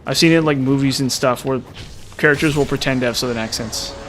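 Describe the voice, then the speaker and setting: A man's voice: medium pitch, fast talker, a bit bright, slight background noise. A man with a mild Utah accent, chatting casually with viewers on a live stream. He rambles, repeats words and uses many fillers. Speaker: gaming streamer.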